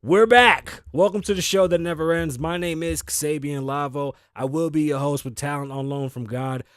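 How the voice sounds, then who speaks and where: A man's voice: fairly high pitch, moderate pace, fairly bright tone, clean tone, dry recording, clean studio sound. A man from the Bronx, hosting his own show in a rambling, profane, self-deprecating monologue, sounding tired. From New York, the Bronx. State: sleepy, tired. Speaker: host. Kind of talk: casual solo talk show monologue. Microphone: studio mic through audio interface.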